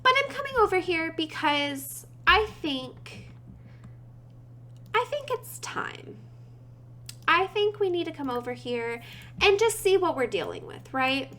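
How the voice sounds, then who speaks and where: A woman's voice: sits high, animated, measured pace, bright, forceful tone, soft background music. A woman giving casual gameplay commentary, chatty and giggly, talking to her game characters and her viewers. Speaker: gaming video creator.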